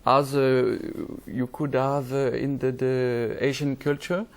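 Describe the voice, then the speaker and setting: French man, slow halting English. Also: medium pitch, flat delivery. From France. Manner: halting, searching for English words with many restarts. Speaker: opera countertenor. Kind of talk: interview guest explaining singing.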